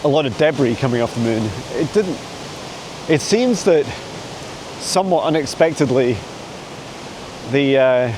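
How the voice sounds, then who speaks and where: A man of middle pitch chats while strolling through a forest with a dog, speaking into a handheld phone camera. His talk wanders along with easy laughs. A faint stream runs behind him. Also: animated, unhurried, long pauses, noisy background. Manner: chatty and meandering, with frequent soft laughs. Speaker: psychic mentor answering viewer questions. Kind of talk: casual walking vlog. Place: forest outdoors. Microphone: handheld phone camera while walking a dog.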